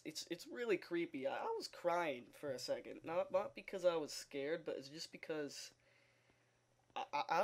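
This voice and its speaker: A man's voice: fairly high pitch, a little mellow. A young man giving casual, rambling game commentary, full of fillers, restarts and laughter, into a sound recorder. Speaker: gaming video host.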